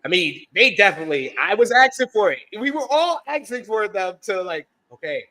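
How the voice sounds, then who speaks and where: A man's voice: high-pitched, sing-song, a little fast, sharp tone. A man hosting a casual wrestling review podcast, reading viewer chat messages aloud in a chatty way. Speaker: podcast host. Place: based in the UK.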